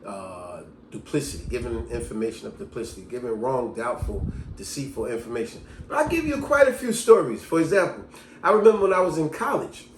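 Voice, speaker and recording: Animated man telling stories in an echoey room. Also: mid-range voice, fairly quick, a little hiss or hum. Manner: animated storyteller, lively delivery. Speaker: vlogger. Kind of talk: casual storytelling monologue.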